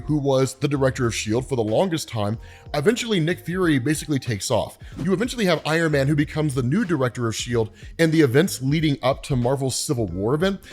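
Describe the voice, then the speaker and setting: A man hosting a comic explainer channel, recapping the story in a casual, chatty way, often adding "right?" and "like" as he acts out the characters' lines in passing. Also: mid-range voice.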